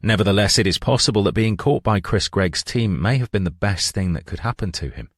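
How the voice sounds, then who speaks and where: Male narrator, very low voice, measured true-crime reading, dry close mic. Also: expressive, breathy edge, no echo. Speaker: audiobook narrator.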